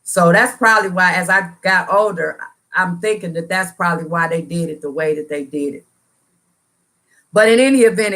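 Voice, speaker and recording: A woman chatting live with her viewers in a casual, slangy way. Her voice is bright and forceful, and she talks with earnest, preachy conviction, hammering points home by saying them again. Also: medium pitch, expressive, moderate pace. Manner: earnest and preachy, repeats phrases for emphasis; colloquial, slangy talk. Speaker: livestream host answering viewers. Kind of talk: casual live chat, motivational testimony.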